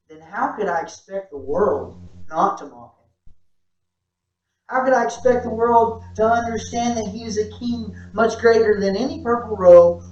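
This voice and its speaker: A male pastor preaching a conversational sermon to a small church audience, often checking in with "right?" and asking rhetorical questions. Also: high voice. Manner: casual, repeats "right?", asks rhetorical questions. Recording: roomy, distant, dull-sounding church recording.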